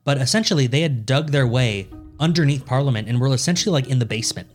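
A man's voice: medium pitch, expressive, quick pace, faint music behind. A man co-hosting a podcast, telling a history story in a casual, profane way and laughing often.

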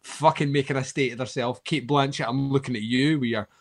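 A man's voice: medium pitch, steady tone, a little fast. A man co-hosting a casual film chat, rambling, laughing often and swearing freely.

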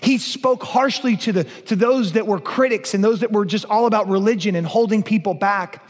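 Male pastor, high voice, emphatic sermon, rhetorical questions, long hall reverb. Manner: emphatic, rhetorical questions, shifts between loud and hushed.

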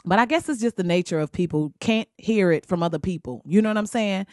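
A woman's voice: medium pitch, fairly quick, darkish tone, dry recording, clean studio sound. A young adult woman talking bluntly and candidly in a casual vlog, profane and laughing often. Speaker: vlogger.

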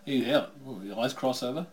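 A man co-hosting a casual watch-along podcast, chatty and teasing, laughing often as he talks. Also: mid-range voice. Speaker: podcast co-host.

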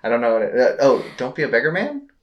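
Very low-voiced woman hosting a podcast. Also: sing-song, lo-fi sound. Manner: playful and teasing, sounds out garbled phrases slowly. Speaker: podcast host. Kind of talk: casual podcast chat, playing a word-guessing game.

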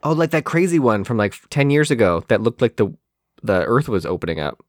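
A man co-hosting a podcast, bantering quickly and teasingly in casual film chat. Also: medium pitch, big pitch swings, dry recording, studio quality. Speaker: podcast co-host.

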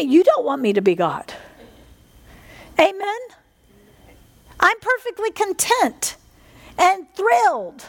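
A woman's voice: very high voice, creaky. A middle-aged woman preaching a fervent sermon, often asking her listeners for an "Amen". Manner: fervent, animated, asks the congregation "Amen?".

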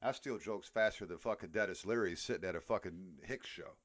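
A middle-aged New Yorker co-hosting a podcast launches into a heated casual rant, swearing frequently. His voice is low and a bit bright, he talks a little fast, and the highs are cut off.

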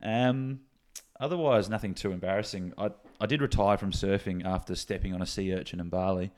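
A man's voice: sits low, fairly quick, a little mellow. A man co-hosting a podcast, talking in a laid-back, dry way. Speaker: podcast co-host and physio. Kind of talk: casual podcast chat.

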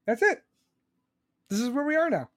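A man with a high voice rants in anger, swearing constantly and dripping with sarcasm. The sound is dry and close, with no room echo. He sounds worked up and seething throughout. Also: sing-song, normal speed. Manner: profane, heated, sarcastic. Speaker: streamer ranting. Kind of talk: angry political rant.

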